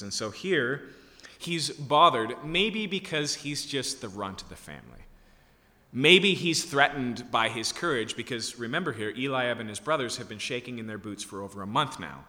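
A man's voice: lowish voice, bright, forceful tone, long reverb tail. A man preaching a sermon, reading scripture and retelling it in casual, conversational speech. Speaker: pastor.

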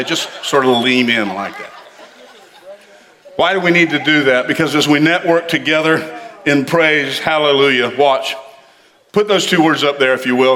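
Bright-voiced preacher in a reverberant church. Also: male voice, medium pitch. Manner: animated, asks the congregation to respond. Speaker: pastor. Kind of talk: sermon.

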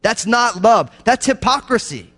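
A man preaching a sermon with passion, swinging between loud, emphatic lines and hushed, low ones. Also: expressive, unhurried, faint music behind. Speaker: pastor. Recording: long hall reverb.

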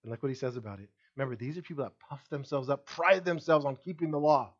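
A male pastor preaches a lively, animated sermon at a fast clip, swinging widely in pitch and loudness from booming emphasis to near-whispered asides. He keeps putting questions directly to the congregation. The recording sounds slightly dull and muffled.

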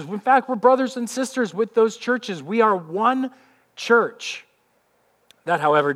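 A middle-aged pastor delivers a sermon in a fairly high voice. He talks to the congregation in an easy, conversational way and leans on rhetorical questions. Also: a bit bright.

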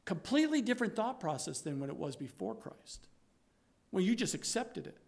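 A man preaching a sermon with fervent urgency, repeating phrases for emphasis and sometimes dropping to a low, soft delivery. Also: sing-song, normal speed. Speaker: pastor.

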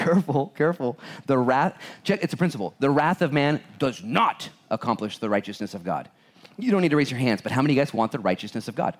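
A man's voice: medium pitch, lively intonation, a little fast. A male pastor preaching a conversational sermon, asking the congregation questions and acting out voices. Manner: addresses congregation directly with questions.

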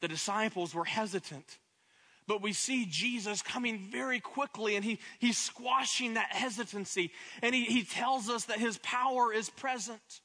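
A man's voice: sits high, moderate pace, sharp tone. A man preaching a sermon as pastor, impassioned, often repeating words as he builds up.

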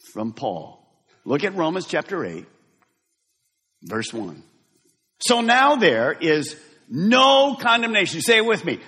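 A man's voice: high voice, a bit bright, slightly rough, in a large hall. A man preaching a sermon as pastor, emphatic and direct, having the congregation repeat lines after him. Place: church sanctuary.

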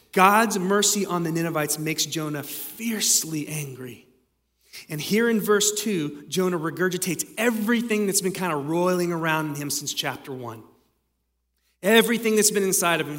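A man's voice: a little high, a bit bright, long reverb tail. A man preaching a sermon as pastor, conversational with dramatic readings.

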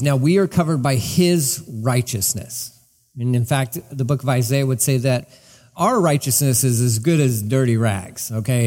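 A man preaching a sermon as pastor, in an animated, conversational way with personal asides. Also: mid-range voice. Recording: long hall reverb.

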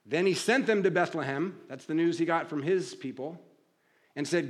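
A man preaching a sermon, conversational, asking rhetorical questions and dropping to a low, quiet voice for emphasis. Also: normal speed. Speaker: pastor.

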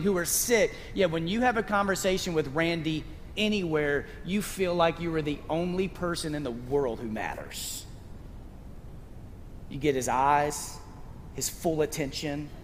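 A man's voice: sits high, fairly bright tone, long reverb tail, slight background noise. A male pastor preaching a sermon in a conversational, storytelling way.

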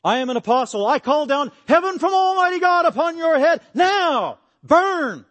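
A man doing an enraged male apostle, high strained shout, loud, distant from the mic. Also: big pitch swings, moderate pace, exaggerated voice. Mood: vengeful. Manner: bellowing, vengeful. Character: furious male apostle calling down fire.

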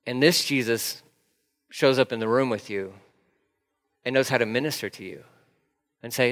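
A man's voice: medium pitch, normal speed, long pauses, a bit bright. A man preaching a casual, conversational sermon, emphatic and repeating phrases for stress. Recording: long hall reverb.

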